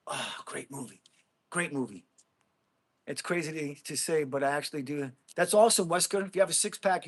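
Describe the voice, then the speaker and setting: A middle-aged man hosts a casual livestream, his voice fairly high and a bit bright. He reads comments and chats bluntly with viewers, calling them bro.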